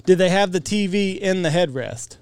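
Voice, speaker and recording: Guy cohosting a chat podcast, teasing and wry, kinda high voice, smooth tone, no room echo. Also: moderate pace, darkish tone. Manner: wry joking banter. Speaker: podcast co-host. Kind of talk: casual chat.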